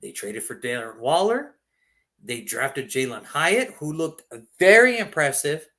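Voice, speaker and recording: A man's voice: a little high, sing-song, a little slow, bright, forceful tone. A man co-hosting a sports prediction show, talking casually and animatedly, swearing and slipping into mock voices.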